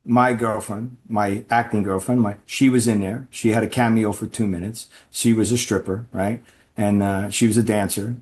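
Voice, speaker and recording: A man's voice: on the low side, darkish tone. A man who used to be an undercover informant, telling stories as a podcast guest with frequent restarts and "right?" tag questions. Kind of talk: conversational storytelling.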